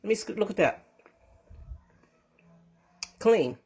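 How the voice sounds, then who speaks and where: A woman hosting a casual home cooking vlog and filming herself on a handheld phone. She talks in a chatty, rambling way, keeps correcting herself, and blesses her viewers warmly. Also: mid-range voice, animated, slow pace, creaky. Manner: chatty and rambling, with frequent restarts and self-corrections. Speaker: home cooking and canning channel host. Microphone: handheld phone camera.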